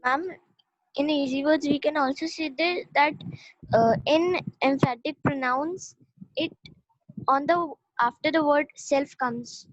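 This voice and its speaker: A woman's voice: high voice, unhurried, no echo. A young female student, politely and hesitantly answering her teacher over a video call. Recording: dull lo-fi video call audio.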